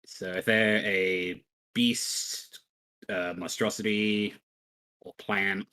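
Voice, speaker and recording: A man's voice: on the low side, level tone, extremely slow, sharp tone. A man playing a tabletop game, rambling and hesitant, stopping often to search for words. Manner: rambling, hesitant, many fillers. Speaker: player. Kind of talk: casual tabletop game play.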